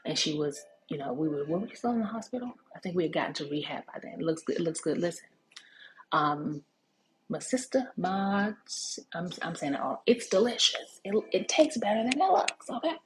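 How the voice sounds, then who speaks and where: A woman with a low voice gives a casual, chatty cooking demo, telling family stories full of fillers and restarts. It's a storytelling-style cooking demonstration. The audio is poor, with a little hiss or hum.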